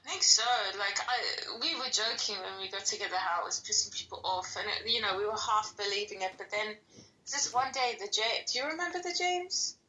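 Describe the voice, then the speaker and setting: A woman's voice: mid-range voice, lively intonation, a little fast, sharp tone, poor audio. A woman in a casual chat, speaking candidly and chattily and swearing freely.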